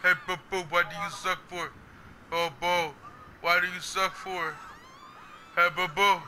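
Guy gaming w a buddy, high bright voice, keeps ribbing him and cussing. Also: little pitch movement, a little slow, slight background noise. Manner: teasing, repeats "hey boo boo" in a Yogi Bear-style bit, swears often. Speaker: gaming channel host. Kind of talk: casual gameplay banter.

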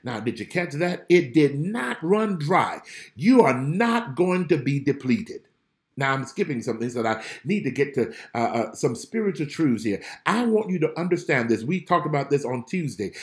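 A man's voice: fairly high pitch, big pitch swings, normal speed. A man preaching a livestreamed Bible study sermon, repeating key phrases with emphasis and greeting viewers by name. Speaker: pastor.

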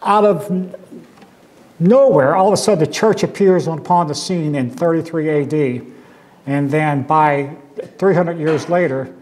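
Man, Sunday school teacher, slightly high voice, conversational, rhetorical questions, emphatic scripture quotes. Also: a little slow, darkish tone. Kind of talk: Bible class teaching.

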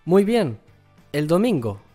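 A man's voice: a little high, big pitch swings, unhurried, warm tone, soft background music. An actor playing a cheerful young man eager to meet his friend, speaking in an upbeat scripted beginner dialogue. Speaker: actor in a story sketch.

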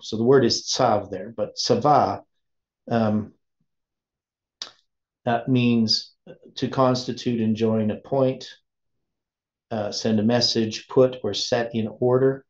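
A man teaching an informal Bible study, speaking haltingly and often stopping to search for words. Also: mid-range voice. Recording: dull lo-fi recording.

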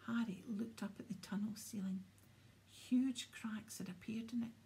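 A woman reading a children's fantasy novel aloud, often sinking into a hushed whisper as she narrates. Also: medium pitch, vocal fry, low-quality recording. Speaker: audiobook reader. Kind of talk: storybook narration.

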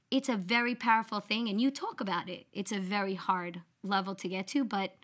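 A woman's voice: mid-range voice, steady tone, fairly quick, hardly any pauses, fairly bright tone. A woman guest on a talk show retelling a family story, acting out quoted lines with animation.

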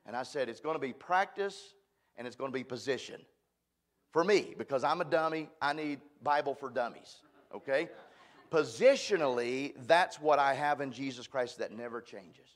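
The clip features a guest preacher at a church, medium-pitched and moderately paced. His sermon is folksy and emphatic, sprinkled with humor at his own expense.

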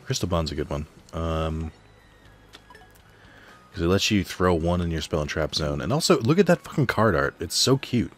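A man's voice: low-pitched, lively intonation, moderate pace. A man thinking aloud while he plays a card game at home, rambling and reading out card text in casual commentary. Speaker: let's play host. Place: home apartment.

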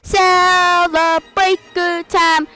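A woman hosting a let's play video, giving excitable, playful commentary over the game and mimicking the characters. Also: very high voice, drawn-out words. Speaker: gaming channel host.

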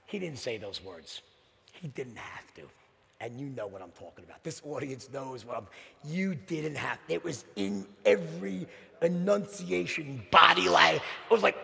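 A middle-aged man giving a motivational sales keynote, telling a story in an animated, punchy way and checking in with the audience with "right?". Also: a little high, normal speed, creaky. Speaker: keynote speaker. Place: large conference hall. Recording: long hall reverb from stage.

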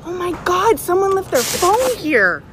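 Woman, very high voice, brusque, officious, lively, noisy background. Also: measured pace.

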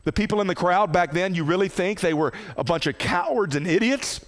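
A man preaching a sermon as pastor, impassioned, swinging between loud outbursts and hushed low tones. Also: lively intonation, fairly quick.

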